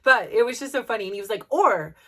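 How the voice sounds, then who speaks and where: A woman's voice: fairly high pitch, racing, bright, forceful tone. A middle-aged woman hosting a personal podcast, talking in an earnest, rambling way with lots of fillers, emotional as she opens up. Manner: earnest, rambling, full of "like" and "you know". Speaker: podcast host.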